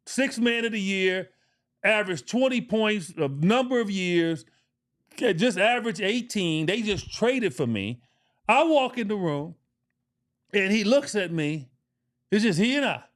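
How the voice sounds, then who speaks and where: A middle-aged man, a former pro basketball player co-hosting a podcast, telling a story casually and emphatically, repeating phrases for emphasis and swearing. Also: high voice.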